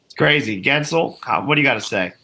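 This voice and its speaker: A man hosting a live stream in casual chat, relaxed and inviting guests to share. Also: mid-range voice, fast, slight background noise, low-quality recording. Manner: relaxed, invites others to speak. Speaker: stream host.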